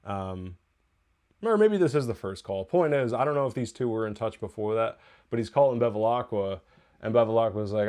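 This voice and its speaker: A man's voice: lowish voice, expressive, a little fast, a little mellow. A man hosting a TV review podcast, recapping an episode in a chatty, rambling way, correcting himself and laughing often. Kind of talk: casual spoken episode recap.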